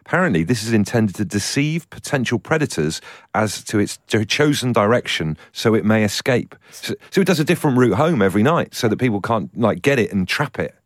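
A man's voice: fairly low pitch, expressive, a little fast, dry recording. A man co-hosting a comedy podcast, jokey and enthusiastic, reading facts with relish. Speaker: podcast co-host. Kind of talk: comedic casual chat.

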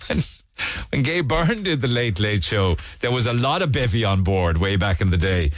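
Reviewing the morning papers on his radio show, an Irish-accented man chats casually, wandering into digressions, restarts and asides. He speaks at a normal speed in a voice on the low side, with lively intonation.

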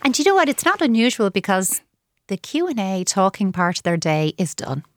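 A woman's voice: medium pitch, a little fast, dry recording, clean studio sound. A woman, a child psychotherapist, giving parenting advice on a radio show and acting out children's replies. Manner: animated, acts out children's replies.

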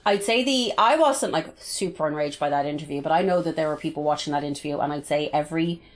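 An Irish woman in her thirties co-hosting a casual podcast, animated and sweary, often acting out what people said. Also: low voice, fast. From Ireland. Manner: animated, sweary, acts out voices. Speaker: podcast co-host. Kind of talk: casual chat.

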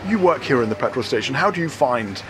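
A man's voice: medium pitch, lively intonation, quick pace, background noise. An Irish man reporting for radio, asking passers-by questions in a chatty, playful way.

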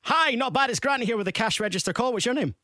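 Upbeat male radio host, bright and forceful tone, chatty and teasing with callers. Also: very high-pitched, expressive, fast talker, no echo, clean studio sound. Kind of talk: radio phone-in competition. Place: radio studio.

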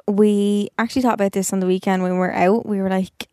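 A woman's voice: medium pitch, level tone, fairly quick, few pauses, dark tone, clear, resonant tone, faint music behind. A young woman with a Dublin Irish accent, co-hosting a podcast and telling stories in casual chat, swearing now and then. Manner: chatty storytelling, swears casually. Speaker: podcast co-host.

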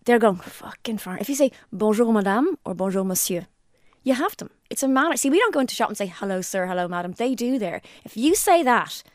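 A woman's voice: a little high, fast, hardly any pauses, no echo, studio quality. Chatty Irish woman podcast host. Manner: chatty, animated storyteller. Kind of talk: casual chat.

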